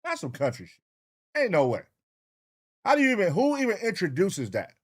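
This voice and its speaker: With a high, breathy-edged voice and huge pitch swings at normal speed, a streamer host gives sing-song shout-outs to names from his chat. He chats loosely and profanely over loud hip hop music, and the recording is dry and clean-studio.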